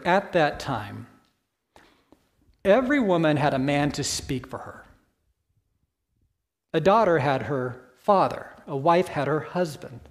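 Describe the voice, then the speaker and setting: A man preaching a sermon in a church, explaining a Bible passage in a conversational way with rhetorical questions. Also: on the high side.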